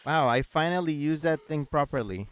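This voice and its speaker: A man's voice: fairly high pitch, expressive, normal speed, smooth. A man casually commenting on his gameplay with playful, goofy asides. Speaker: streamer.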